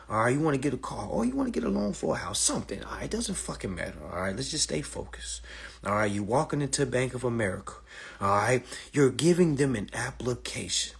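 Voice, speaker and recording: A man's voice: medium pitch, very animated, brisk, vocal fry, husky. A man giving a casual, profane monologue lesson to his listeners. He keeps asking "all right?" and calls them family. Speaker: host explaining finance to listeners.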